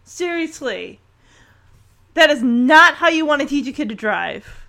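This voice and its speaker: A woman giving a casual reaction commentary, chatty and animated, retelling the scene. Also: high-pitched, unhurried, creaky. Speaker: video reactor.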